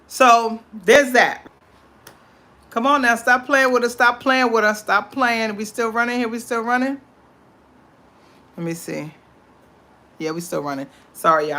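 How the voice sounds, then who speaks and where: A woman host giving casual, animated commentary on a court case, slipping into voices for the people she quotes. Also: on the high side. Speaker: show host.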